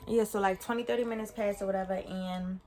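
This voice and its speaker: A woman's voice: medium pitch, steady tone, quick pace, a little mellow. A young woman, telling a personal story in a casual storytime vlog from her bedroom, rambling and correcting herself as she goes. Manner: casual, rambling, self-correcting with many fillers. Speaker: vlogger.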